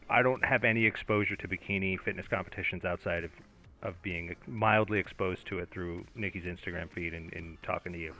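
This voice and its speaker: Wry man with a bright lower voice. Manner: wry, restarts phrases, dry humor. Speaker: podcast co-host. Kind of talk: casual chat.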